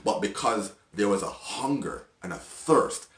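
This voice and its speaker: A middle-aged man sharing his personal testimony in an earnest, halting, emotional way, with restarts and soft laughs. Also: on the low side, expressive, echoey room. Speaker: video host.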